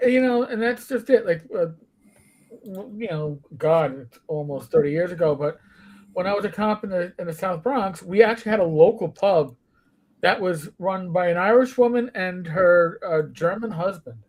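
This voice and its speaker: A man in an easygoing live chat spins animated stories from his days as a police officer. He talks loosely, with hesitations and restarts. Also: sits high, normal speed. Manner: anecdotal, animated storyteller. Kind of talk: casual chat.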